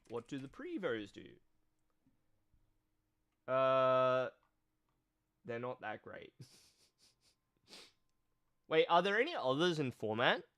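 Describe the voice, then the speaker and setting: A man hosts a casual live stream, his voice nasal from a cold. He talks slowly and deliberately, in a clear, smooth tone. The sound is dry and close to the mic, with typing nearby. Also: mid-range voice, a bit bright, dry recording. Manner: slow, thoughtful, reads chat aloud. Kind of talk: casual live-stream chat about card games.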